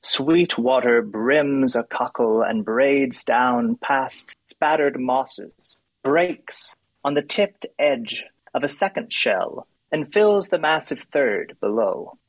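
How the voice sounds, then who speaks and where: A man's voice: medium pitch, poor audio. A man with a nasal voice who talks about poems with hesitant, thoughtful fillers and then reads one aloud. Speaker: poetry discussion co-host. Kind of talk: casual discussion and poetry reading.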